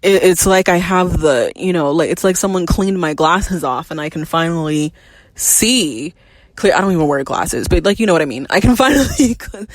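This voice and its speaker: A young woman in her twenties talks through her own story on a personal podcast, frank and lively, cursing without filter and laughing between thoughts. Her voice sits at a middling pitch. The sound is dry and close, with no room around it. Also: normal speed, no echo. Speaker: podcast host. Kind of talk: candid personal podcast monologue.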